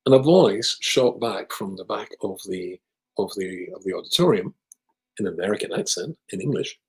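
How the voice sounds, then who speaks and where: A rabbi telling a humorous story with wry, self-deprecating jokes. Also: male voice, on the low side, lively intonation, moderate pace, poor audio. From Scotland. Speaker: rabbi, guest speaker.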